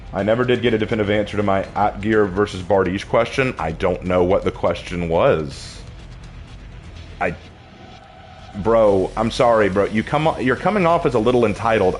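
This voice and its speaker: A man streaming a video game, chatting casually to his viewers, rambling and laughing often as he plays. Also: mid-range voice. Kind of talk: casual gameplay commentary.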